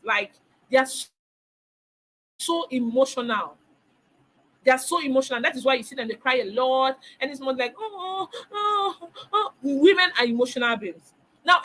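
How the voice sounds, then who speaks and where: A woman's voice: sits high, pushed and bright, poor audio. A middle-aged woman teaching a parenting webinar, emphatic, repeating key phrases and asking rhetorical questions. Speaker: parenting coach.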